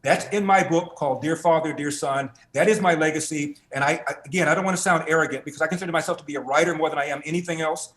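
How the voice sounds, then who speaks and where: A man being interviewed as a guest author, telling a family story in an animated, emphatic way that builds through repetition. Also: fairly high pitch, fast talker, few pauses, roomy sound.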